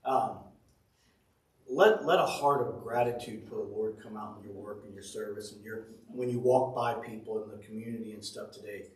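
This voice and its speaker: A man's voice: on the low side, fairly even intonation, moderate pace. A man giving a casual devotional sermon, telling folksy family stories with chuckles. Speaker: pastor. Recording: roomy audio from a distant mic.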